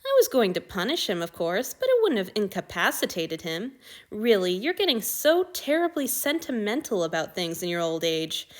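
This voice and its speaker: A woman voicing a manipulative male lover in an audiobook reading of fan fiction, smooth, chiding and patronizing. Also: medium pitch, sing-song, normal speed, natural voice.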